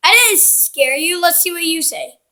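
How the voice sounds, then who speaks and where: A woman's voice: extremely high pitch, animated, moderate pace, bright, forceful tone. A woman commenting casually while playing a video game, playful and cheeky, teasing the characters on screen. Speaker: gaming channel host. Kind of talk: casual let's-play commentary.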